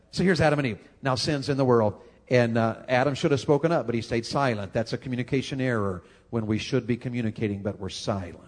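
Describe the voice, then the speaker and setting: A male pastor, preaching a folksy sermon full of repeated words. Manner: folksy, repeats words, rises high for emphasis.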